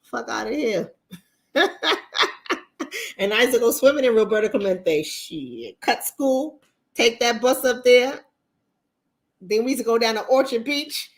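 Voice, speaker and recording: A woman's voice: unhurried, long pauses. A woman with a Bronx accent, casually chatting with viewers on a livestream in a blunt, profane manner. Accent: New York, Bronx. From New York, the Bronx. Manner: blunt, profane, animated, mimics others in high voices. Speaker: relationship coach and livestream host.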